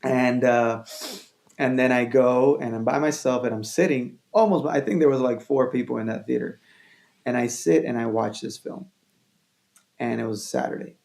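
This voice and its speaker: Male filmmaker guest, gravelly, mid-pitched, lively storyteller. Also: moderate pace. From Venezuela. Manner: animated, repeats phrases, acts out quotes. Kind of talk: casual storytelling chat.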